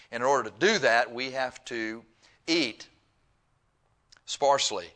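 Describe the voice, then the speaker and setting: A middle-aged male pastor in full sermon mode, folksy and animated. He reads out scripture, then slips into long stories, chuckling and taking on the voices of the people he quotes. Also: mid-range voice, measured pace, pauses often. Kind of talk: sermon with storytelling.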